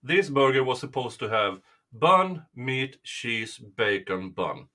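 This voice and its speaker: A man hosting a casual live stream, talking haltingly with many fillers. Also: mid-range voice, big pitch swings, bright, forceful tone. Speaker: stream host.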